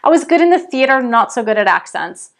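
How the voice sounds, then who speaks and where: A woman who works as a spiritual coach, talking to her viewers in a casual vlog. She is chatty and animated and keeps addressing them directly. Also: high voice, fairly quick, creaky.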